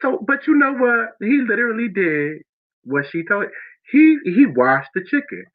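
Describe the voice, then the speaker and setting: A man's voice: sits high, sing-song, normal speed, narrow, tinny audio. A man hosting his own podcast, rambling chattily with many restarts and fillers. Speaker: podcast host. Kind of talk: casual chat.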